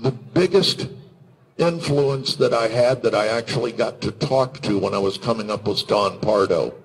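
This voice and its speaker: Gravelly older man telling panel stories. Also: lowish voice, normal speed, rough recording. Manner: animated, slips into announcer and character voices. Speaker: voice actor and panel guest. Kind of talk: storytelling on a convention panel. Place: convention panel room. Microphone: handheld microphone.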